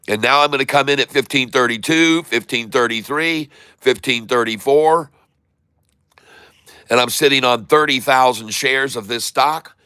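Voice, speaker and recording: A man streaming live day trading, narrating his buys and prices as he goes and spelling out tickers slowly. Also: medium pitch, pushed and bright, clear, resonant tone, no echo. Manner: running commentary, repeating tickers slowly.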